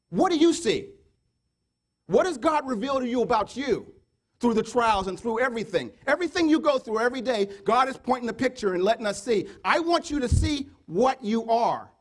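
A man delivers a sermon, hurling rhetorical question after rhetorical question at the congregation. He swings between loud urging and quiet, murmured asides.

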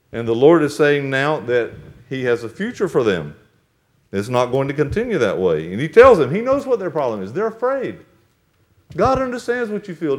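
A man delivers a church sermon, reading scripture in a measured, solemn cadence before explaining it in plain speech. His delivery swings widely, climbing to loud, emphatic peaks and then dropping to soft, low-voiced asides to the congregation. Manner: reads scripture in solemn King James cadence. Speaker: pastor.

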